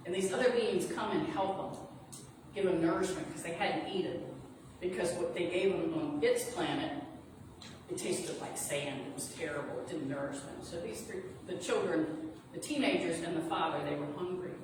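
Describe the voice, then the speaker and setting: A woman's voice: lowish voice, normal speed. A woman reverend giving a sermon, retelling a story in an earnest, reassuring way. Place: sanctuary of a spiritual center. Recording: echoey hall from far off, noisy.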